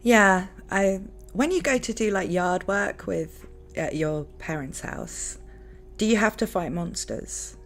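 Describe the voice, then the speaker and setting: A woman with a London accent, hosting a casual stream chat, talkative and quick to laugh. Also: mid-range voice, a little hiss or hum. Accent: London English. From London, England. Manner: chatty, laughs often, many fillers. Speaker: streamer host.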